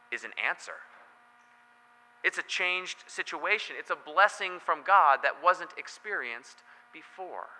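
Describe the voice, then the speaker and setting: A man's voice: fairly high pitch, pushed and bright. A man as pastor preaching a sermon in a church, telling the story in a conversational way with joking asides. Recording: long hall reverb.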